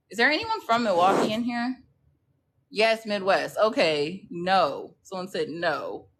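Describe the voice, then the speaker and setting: A woman's voice: medium pitch, fairly bright tone. Gossipy woman on a true crime livestream, slangy, chatty, keeps asking okay?. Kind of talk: casual chat with live viewers.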